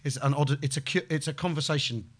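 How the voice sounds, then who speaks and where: A man's voice: on the high side, fast, breathy edge. A man who is a guest comedian on a live podcast, rambling and snapping back with mock outrage.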